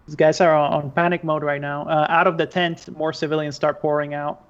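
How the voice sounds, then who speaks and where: A man's voice: a little high, level tone, a little fast. A man narrating a tabletop game as game master, hesitant with many fillers. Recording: dull lo-fi stream audio.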